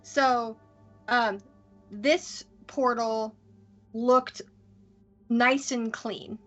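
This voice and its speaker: Slow, hesitant woman game master. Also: a little high, steady tone, a bit bright, lo-fi sound, faint music behind. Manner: hesitant, full of fillers. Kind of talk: narrating a tabletop game.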